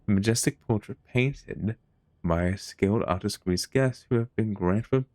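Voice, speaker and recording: A man's voice: fairly low pitch, a little slow, a little mellow, dry recording. A man streaming a video game, reading its text aloud with casual chatty asides.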